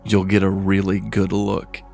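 A scheming sorceress sneers and mocks her captives, voiced by a man. Her tone is condescending and cruel. Soft music plays underneath. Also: low-pitched, monotone, measured pace, gravelly. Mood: mocking. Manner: mocking, condescending.

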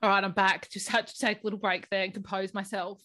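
A woman's voice: medium pitch, flat delivery, fast talker, bright, forceful tone. A woman co-hosting a podcast in casual chat, emotional and prone to giggling fits. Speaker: podcast co-host.

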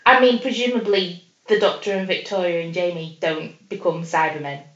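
A woman's voice: lowish voice, fairly even intonation, normal speed. A woman co-hosting a podcast, chatting casually about a TV episode, hesitant with many fillers and restarts. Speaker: podcast co-host. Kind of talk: casual chat reviewing a TV episode. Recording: roomy, dull lo-fi sound.

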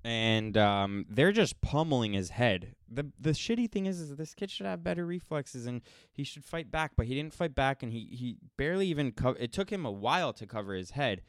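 A man's voice: medium pitch, animated, fairly quick, clean tone, dry recording. Guy ranting solo, blunt, keeps restarting, swears a lot, resonant voice, very dry sound. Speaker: commentator. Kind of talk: unscripted political commentary monologue.

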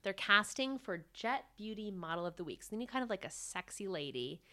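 A woman's voice: mid-range voice, lively intonation, fairly quick, sharp tone. A woman co-hosting a podcast, setting up scenes and joking wryly in casual chat. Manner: wry, joking, sets up each scene. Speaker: podcast co-host.

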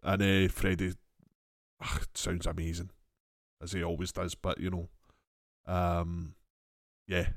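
A Scottish man with a lowish voice talks in casual chat. He halts and repeats words, friendly and agreeable, on a dry close mic. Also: flat delivery, slow, pauses often, no echo. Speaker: podcast co-host.

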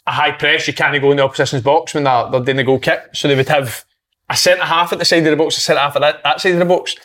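Quick Scottish footballer talking tactics. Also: male voice, on the high side, steady tone, a bit bright. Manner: explains tactics at length. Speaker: guest footballer. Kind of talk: casual football chat.

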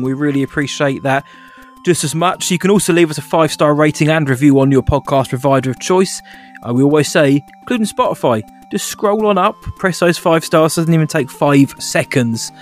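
A man co-hosting a podcast, easygoing and quick to laugh. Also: on the high side. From United Kingdom. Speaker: podcast co-host. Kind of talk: casual chat. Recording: faint music behind.

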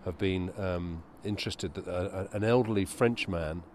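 A man's voice: low voice, measured pace, slight background noise. A man co-hosting a podcast outdoors in a small park, chatting casually with a dry, skeptical humor. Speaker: podcast co-host. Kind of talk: casual chat and reading aloud on a walk.

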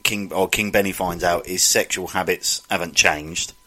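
A man's voice: sits low, fairly even intonation, moderate pace, pushed and bright. A man casually recapping a film, retelling scenes and acting out the characters' lines.

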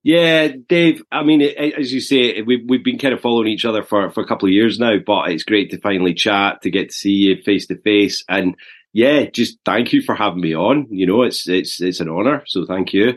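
A Scottish man in his forties with a soft Glasgow accent, telling his life story in a podcast conversation, earnest and halting as he restarts and repeats words. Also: fairly low pitch. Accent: Glaswegian Scottish. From Scotland. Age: 40s. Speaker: podcast guest.

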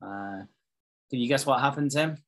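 A man's voice: medium pitch, moderate pace, a bit bright. A man in casual podcast chat, swearing freely while he retells scenes and slips into quoted lines. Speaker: podcast co-host. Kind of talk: casual chat recapping a show.

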